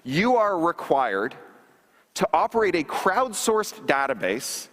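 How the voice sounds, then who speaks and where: Brief: male keynote speaker, higher voice, wry and emphatic, booming hall reverb. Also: big pitch swings, slow, fairly bright tone. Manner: wry, emphatic, sarcastic asides. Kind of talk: public lecture. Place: large conference hall stage. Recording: reverberant hall livestream capture.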